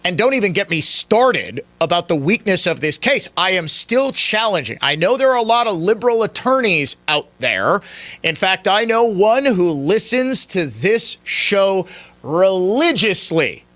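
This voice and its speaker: Fired-up talk radio host, bright voice. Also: male voice, high-pitched, very animated, measured pace, dry recording. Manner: fiery, combative, challenging the listener. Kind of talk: heated political talk radio monologue.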